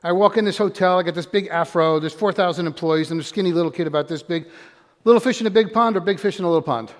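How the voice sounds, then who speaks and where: An older man giving an energetic live motivational talk, quizzing and calling out to his audience in a room. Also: high-pitched, quick pace. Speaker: motivational speaker. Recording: long hall reverb.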